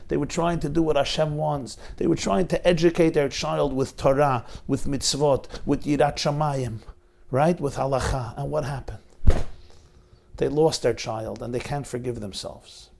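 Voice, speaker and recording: A man's voice: mid-range voice, steady tone, normal speed, creaky, darkish tone. A middle-aged man, a rabbi, giving an emotional sermon, retelling a painful story with dramatic rises in intensity. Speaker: rabbi lecturer.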